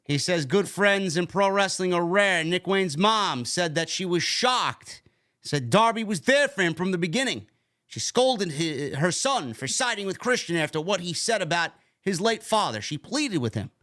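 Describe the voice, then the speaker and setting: A man's voice: sits high, big pitch swings, moderate pace, sharp tone. A man casually recapping a wrestling show, rambling and repeating words as he talks. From New York.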